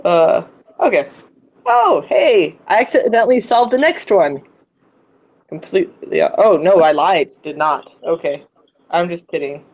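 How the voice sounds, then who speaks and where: A young adult student chatting casually in a study group on a call, joking and quick to laugh. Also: mid-range voice, animated. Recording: dull audio with faint noise.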